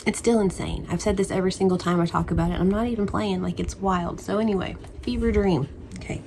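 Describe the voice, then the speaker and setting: Woman crochet vlogger, casual home chat, middle pitch with some vocal fry, playful and rambly. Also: fairly even intonation, quick pace, darkish tone, a little hiss or hum. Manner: chatty and rambling, with playful spooky asides.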